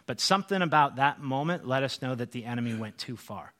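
A middle-aged male pastor telling a story in a sermon, animated, acting out quoted lines. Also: medium pitch, a little fast, few pauses.

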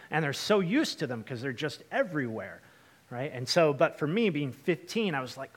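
A young man from Washington state preaching a storytelling sermon, chatty and lively, with lots of fillers and asides to the congregation. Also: on the high side, fairly quick. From Washington state, USA. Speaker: pastor.

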